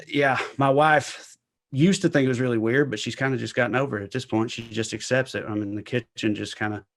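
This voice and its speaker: A man in his thirties with a thick East Tennessee accent, chatting casually as a comedy guest, rambling and laughing easily. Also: mid-range voice. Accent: Southern US, East Tennessee. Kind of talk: casual interview chat.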